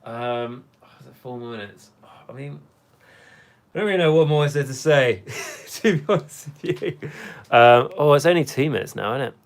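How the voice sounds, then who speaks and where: A young man hosting a long hobby livestream, his voice hoarse and worn from talking for hours. He rambles along in a casual, unhurried way and reads viewers' comments out loud. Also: medium pitch.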